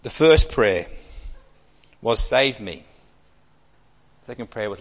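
A man preaching an expository sermon, emphatic, with wide swings between loud and soft. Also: lowish voice, expressive, slow, vocal fry. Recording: long hall reverb.

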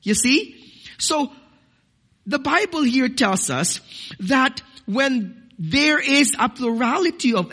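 A man's voice: extremely high pitch, sharp tone. A man, a pastor, preaching a sermon to his congregation. He cites scripture, repeats words, and stresses key phrases. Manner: addresses congregation as "dearly beloved".

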